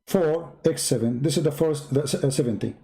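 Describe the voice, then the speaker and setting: A man's voice: fairly high pitch, a little fast, vocal fry, dark tone. Sarcastic man with an Arabic accent. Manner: sarcastic, broken grammar, repetitive counting. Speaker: host. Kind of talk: mocking religious commentary.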